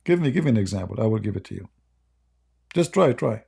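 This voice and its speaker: A man's voice: on the low side, animated, fast, gravelly, mellow, husky. A man hosting a live debate stream in casual, mocking chat, rambling and laughing often, his voice worn and going. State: losing his voice.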